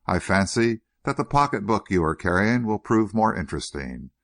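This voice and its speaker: A smooth, purring older gentleman with a quiet scheming edge, as a man reads him, low in tone but swinging freely up and down. Every line carries polite, faintly mocking warmth. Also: very animated, normal speed. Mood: silky. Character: suave, silkily solicitous older gentleman schemer.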